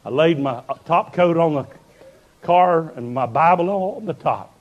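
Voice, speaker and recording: Fervent preacher, high voice. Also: male voice, expressive, a little slow, muffled recording. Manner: fervent storytelling, building to shouts. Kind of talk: revival sermon.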